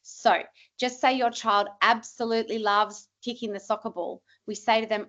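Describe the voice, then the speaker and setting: Lively woman giving parenting advice. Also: fairly high pitch, normal speed, lo-fi sound. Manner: lively, emphatic, explanatory. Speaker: parenting expert. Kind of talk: presentation to parents.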